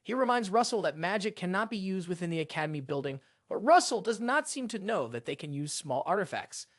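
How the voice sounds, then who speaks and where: A storyteller recapping a fantasy comic in steady scripted narration. The pitch moves freely up and down while the pace stays even. The sound is close and dry, with no room around it. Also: a little fast, dry recording.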